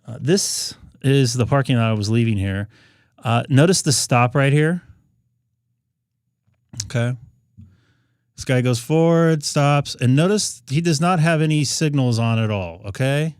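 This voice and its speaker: A man hosting a casual live stream, his voice sitting at an ordinary middle pitch. He rambles along with plenty of fillers and restarts. The sound is dry, with no room echo. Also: measured pace, long pauses, darkish tone, clear, resonant tone. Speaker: ham radio live-stream host.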